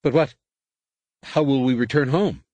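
A man voicing a nervous, fast-talking human smuggler captain who pleads in a hurried, higher voice. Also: a little mellow, no echo, natural voice. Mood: alarmed.

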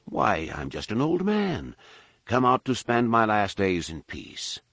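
A man voicing a calm, wry old man who talks in a controlled, quiet way and chuckles. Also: on the low side, a little slow, no room sound, full character voice. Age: older. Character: calm, wry older man leaning on a staff. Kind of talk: audiobook character reading.

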